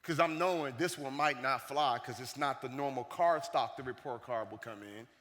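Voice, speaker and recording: A man giving a keynote speech, telling a story in an animated way and acting out the voices of the people in it. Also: medium pitch, normal speed. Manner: animated, acts out the voices of the people in his stories. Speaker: keynote speaker. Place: conference hall stage. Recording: long reverb of a large hall.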